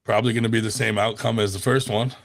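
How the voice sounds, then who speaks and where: A man's voice: fairly low pitch, little pitch movement, fast, vocal fry. Easygoing man from the US. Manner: easygoing, hesitant, with filler "uh". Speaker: arm wrestling promoter. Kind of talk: casual chat.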